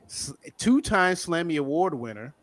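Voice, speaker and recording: A man's voice: a little high, moderate pace, dry recording. A man hosting a wrestling podcast, reeling off championship records with joking asides. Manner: reels off stats, lively and joking. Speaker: podcast host. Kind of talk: casual wrestling debate.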